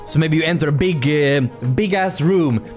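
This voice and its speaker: A young man chats casually on a live stream, rambling and animated with playful swearing. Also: fairly high pitch, moderate pace. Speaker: indie game developer streaming. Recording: faint music in background.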